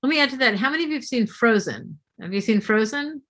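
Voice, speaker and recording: A middle-aged woman guest speaker telling a story to an audience, lively and asking them questions along the way. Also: a little high, fast talker.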